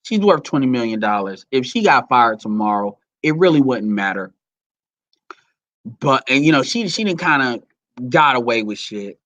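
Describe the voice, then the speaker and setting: A man's voice: mid-range voice, animated, normal speed, a bit bright, dull audio. A man giving heated, profane, rambling commentary to his audience. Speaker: commentary vlogger.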